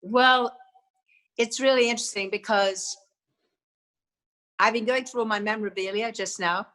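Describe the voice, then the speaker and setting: A woman's voice: fairly high pitch, steady tone, normal speed, fairly bright tone. An older woman with an English accent, a guest actress telling stories in an interview, with many "you know"s and small restarts. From England. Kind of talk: reflective interview talk.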